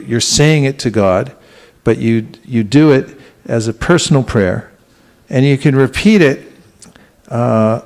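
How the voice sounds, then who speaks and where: Unhurried man teaching a congregation. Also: medium pitch. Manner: gentle, unhurried, with frequent restarts and questions to the audience. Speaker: spiritual teacher. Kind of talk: talk to a congregation. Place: temple hall.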